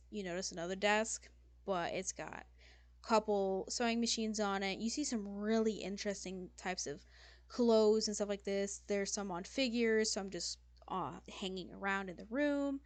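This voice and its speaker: A woman's voice: mid-range voice, normal speed, dry recording. A woman game master narrating a tabletop game in a loose, casual way, full of fillers and swearing.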